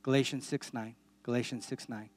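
A man's voice: mid-range voice, steady tone, fairly quick, dry recording. A man preaching a sermon as pastor in a church, emphatic, with repeated calls and amens.

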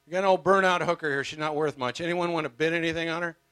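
A man doing a loud, crass auctioneer. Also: fairly high pitch, fairly even intonation, quick pace, clear, resonant tone, no echo, voice pushed up. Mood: hawking. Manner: hawking, callous. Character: crass male market auctioneer, loud and callous.

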